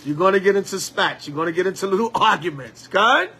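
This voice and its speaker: A man preaching a Bible lesson as an elder, lively, with call-and-response and acted-out quotes. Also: high voice, quick pace, slight background noise.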